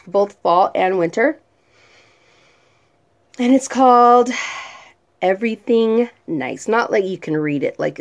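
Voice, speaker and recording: A woman vlogger chatting casually about her favorite products and reading their descriptions aloud. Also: mid-range voice. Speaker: vlogger reviewing home fragrance products. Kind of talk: casual chat.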